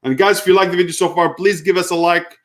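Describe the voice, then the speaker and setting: Male host, slightly high pitch; casual live-stream storyteller, blunt, lots of fillers. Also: fast. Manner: animated storytelling, acts out exchanges, frequent fillers; blunt, occasionally swears. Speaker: host of live Q&A on online selling.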